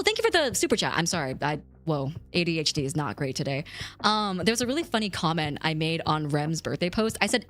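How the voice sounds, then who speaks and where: Lively young woman streamer. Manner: animated, bouncing between squeaky highs and mock-deep lows. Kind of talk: casual chat with viewers.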